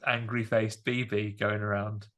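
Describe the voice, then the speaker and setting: A man hosting a podcast, chatting casually about a film in a rambling, animated way with many fillers. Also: fairly low pitch, unhurried. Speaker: podcast host. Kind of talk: casual film review chat.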